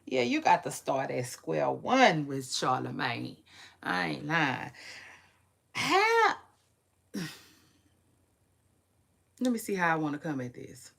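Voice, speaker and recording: A woman hosting a casual celebrity gossip vlog, chatting to her viewers in a playful, drawn-out way with frequent asides. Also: low-pitched, big pitch swings, vocal fry. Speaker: vlog host.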